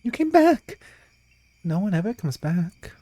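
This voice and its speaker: A streamer voicing a lonely, shy male ghost from a game, reading his lines softly and earnestly. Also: medium pitch, expressive, fast talker, no echo, lightly acted. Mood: eager.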